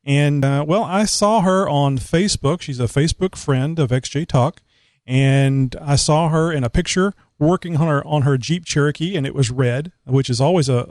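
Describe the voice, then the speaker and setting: A man from Houston with a Southern Texas accent, hosting a casual interview show and halting through many fillers. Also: mid-range voice, darkish tone, dry recording. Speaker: talk show host.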